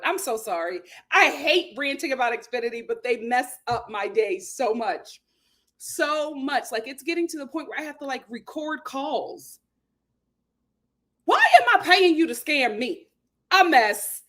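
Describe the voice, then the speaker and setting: A chatty woman hosts a casual live stream from home, greeting viewers by name and ranting freely. Her voice sits a touch high, and she talks into a home webcam mic. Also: animated, measured pace, a bit bright.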